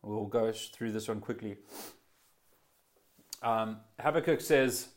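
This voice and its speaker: A man preaching a sermon as pastor, earnest and conversational, often restarting phrases and swinging between loud and hushed emphasis. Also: on the low side, slow pace. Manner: voice swells then drops to quiet emphasis.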